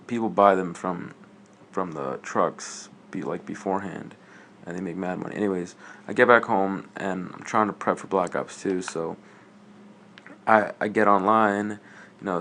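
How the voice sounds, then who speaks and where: A man's voice: fairly low pitch, fairly even intonation, normal speed, gravelly, a bit bright, a little hiss or hum. A teenage boy telling a rambling story in a casual gaming vlog, full of fillers, acting out both sides of a conversation. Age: teens. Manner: rambling, filler-heavy, acts out dialogue. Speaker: gaming YouTuber.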